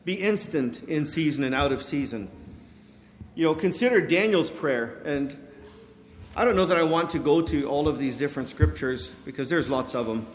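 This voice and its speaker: A man giving a sermon, telling stories with lively quoted voices and frequent fillers like "you know". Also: a little high, moderate pace, slight background noise. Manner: animated storytelling with quoted voices, many fillers. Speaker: preacher. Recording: echoey hall with long reverb.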